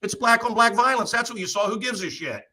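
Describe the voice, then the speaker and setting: A man doing a quick impression of a gruff older political operative, blunt and dismissive. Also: extremely high pitch, lively intonation, pushed and bright, pitched above the performer's own voice, full character voice, low-quality recording.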